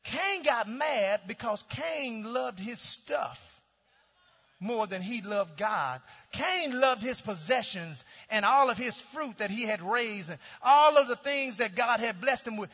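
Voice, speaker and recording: A middle-aged male pastor preaching a sermon with call-and-response, swinging from shouts down to low, quiet tones. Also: breathy edge. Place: church sanctuary. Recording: dull sound with long hall reverb.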